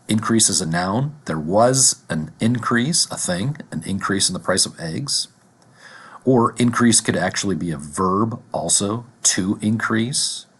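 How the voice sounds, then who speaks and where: A man teaching a vocabulary lesson, deliberately repeating each word and its examples. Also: lowish voice, husky.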